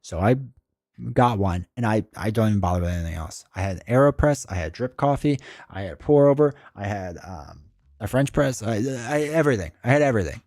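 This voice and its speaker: A man's voice: lowish voice, lively intonation, fairly quick, a little mellow, no echo, clean studio sound. A man streaming live, chatting casually and answering his chat in a rambling way.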